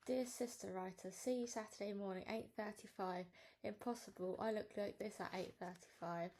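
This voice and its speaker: A woman's voice: medium pitch, fairly even intonation, moderate pace, a little mellow, slight background noise, natural voice. A woman reading as an easygoing lady journalist. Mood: breezy. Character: friendly adult woman journalist, easygoing and late. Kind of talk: storybook read-aloud.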